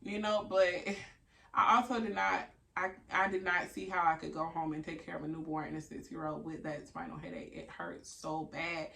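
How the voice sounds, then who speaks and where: A young woman, casually and candidly telling a story to her viewers, with frank, profane, animated quoted reactions. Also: low-pitched, moderate pace, gravelly, far from the mic. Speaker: vlogger.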